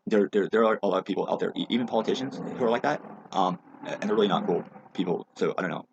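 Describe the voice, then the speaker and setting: A man's voice: on the low side, quick pace, creaky. A man ranting angrily in a rambling, profane, agitated way, in a muffled lo-fi recording. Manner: agitated, rambling, heavy swearing. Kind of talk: angry profane rant. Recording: muffled lo-fi with faint hiss.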